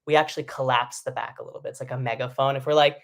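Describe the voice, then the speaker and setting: Rapid-fire and marked by vocal fry, this young vocal coach's mid-range voice guides a live online singing lesson. He explains in an easygoing way and bursts into brief sung examples.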